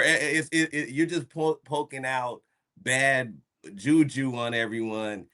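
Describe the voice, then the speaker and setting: Man, podcast host, casual rambling chat, restarts, bright forceful tone. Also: medium pitch, steady tone, measured pace. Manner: rambling, stop-start, laughs often, acts out quotes.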